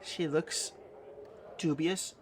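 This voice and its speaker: A man reading game dialogue aloud with commentary in a slow, musing, low-key way. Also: fairly even intonation, slight background noise.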